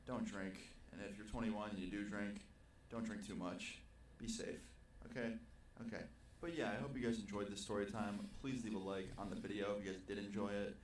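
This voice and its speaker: A young man telling a personal party story in a casual, animated, profane storytime vlog. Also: fairly low pitch, brisk. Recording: roomy, distant video playback with faint noise.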